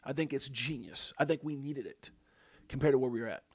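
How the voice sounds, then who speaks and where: A man's voice: medium pitch, expressive, brisk, a little mellow, husky. A middle-aged man hosting a crypto livestream in a rambling, chatty way, with many fillers and easy laughs. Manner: laughs easily. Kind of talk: casual livestream chat.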